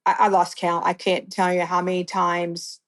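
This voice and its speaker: A middle-aged woman, guest in an interview, gives a blunt, conversational account of her past, restarting as she goes. Her voice is on the low side and monotone, at a moderate pace.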